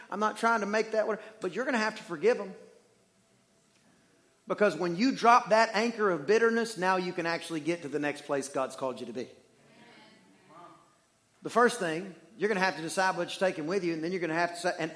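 In church, a male pastor delivers a sermon with an animated, joking style, swinging between loud and hushed. His voice sits high.

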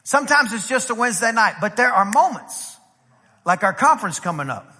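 A man's voice: high-pitched, brisk. East texas preacher guy, acts out all the voices in his story, echoey church hall. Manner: animated, acts out dialogue in the story. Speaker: pastor. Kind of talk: storytelling sermon. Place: church sanctuary.

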